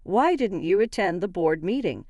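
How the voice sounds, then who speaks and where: A woman's voice: on the low side, expressive, normal speed, a little mellow, dry recording, close to an everyday voice. A woman voicing a worried male branch president who asks urgent questions. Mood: anxious.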